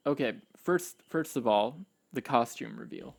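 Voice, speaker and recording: A man with a gravelly, fry-tinged voice co-hosts a relaxed podcast chat. He jokes and leans into sarcasm while he talks things over. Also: mid-range voice, unhurried. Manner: jokey, sarcastic. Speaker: podcast co-host. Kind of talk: casual chat.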